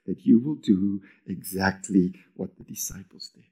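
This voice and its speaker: Pastor dropping to hushed whispers. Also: male voice, sits low, measured pace. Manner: swings between loud emphatic lines and hushed near-whispers. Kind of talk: sermon.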